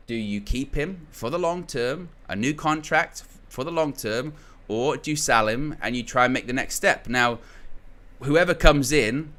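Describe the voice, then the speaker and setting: Bright-voiced man rambling through football opinions. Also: mid-range voice. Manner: rambling, frequent restarts and filler words. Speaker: football channel host. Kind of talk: casual opinion commentary.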